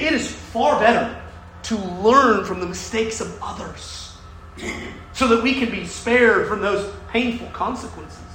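A pastor preaching a sermon, earnest and emphatic, often checking in with his listeners with a quick "right?". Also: very high-pitched, pushed and bright, a little hiss or hum. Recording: echoey room.

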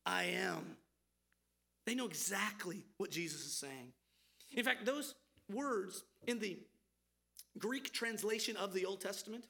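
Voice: mid-range voice, creaky, pushed and bright. A preacher teaching through scripture in an emphatic, conversational sermon, often repeating words mid-thought. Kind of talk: expository sermon.

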